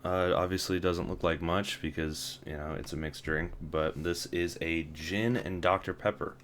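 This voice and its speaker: Young man, very low voice, wry casual vlog talk, faint room hum behind. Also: fairly even intonation, moderate pace, a bit bright. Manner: wry, self-deprecating, laughs often. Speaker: vlogger.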